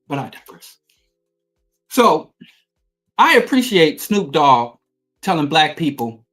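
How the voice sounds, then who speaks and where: A man's voice: a little high, big pitch swings, takes it slowly, long pauses, bright, forceful tone, soft background music. A middle-aged man hosting a talk show, delivering an emphatic, profane political monologue. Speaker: podcast host.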